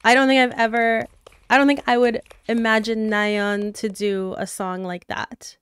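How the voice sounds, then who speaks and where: A woman's voice: on the high side, level tone, a little slow, a bit bright, smooth, dry recording. A woman hosting a K-pop reaction video, gushing and exclaiming as she watches, with casual chatter and frequent laughs. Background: show audio playing underneath.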